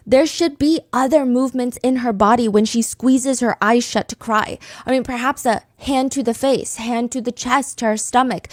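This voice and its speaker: Woman host, true crime storytelling, fairly high voice, animated, conversational, dry close mic. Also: no room sound. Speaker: podcast host.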